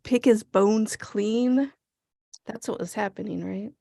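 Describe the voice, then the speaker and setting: A woman's voice: medium pitch, slow pace, gravelly, mellow, dry recording, clean studio sound. A woman co-hosting a podcast, chatting casually and sarcastically about a TV episode, laughing often and swearing freely. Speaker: podcast co-host. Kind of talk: casual chat recapping a TV episode.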